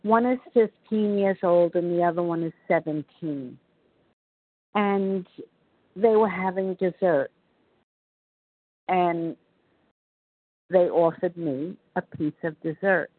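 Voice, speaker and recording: A woman in her seventies with a New York accent, telling her recovery story in an earnest, measured way. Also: lowish voice, no room sound. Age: 70s. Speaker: recovery meeting speaker. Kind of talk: personal testimony. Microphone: phone. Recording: tinny phone line.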